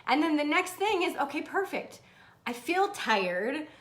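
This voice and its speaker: A woman with a high, bright voice talks casually to her livestream viewers while sitting indoors. She is bubbly, laughs often and swears freely, with a loose, unscripted delivery. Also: big pitch swings, a little slow. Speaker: motivational vlogger reading live comments. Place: indoors, seated.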